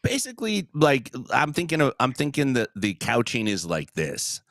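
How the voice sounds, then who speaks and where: A man co-hosting a casual podcast, speaking in a relaxed, rambling way. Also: mid-range voice, moderate pace, gravelly, no echo, studio quality. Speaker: podcast co-host.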